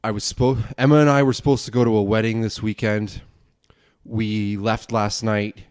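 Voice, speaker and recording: A man's voice: fairly low pitch, level tone, normal speed, darkish tone, clear, resonant tone. A young man hosting his own podcast alone, ranting angrily with plenty of swearing and rambling asides. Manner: angry, profane, rambling rant. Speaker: podcast host.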